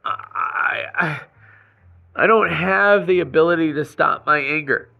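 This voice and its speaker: Man, slow-talking and angry, gravelly voice, raw emotional rant, dull lo-fi sound with faint music. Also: on the high side. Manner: angry, raw venting with restarts and swearing. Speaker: vlogger. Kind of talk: emotional personal rant to camera.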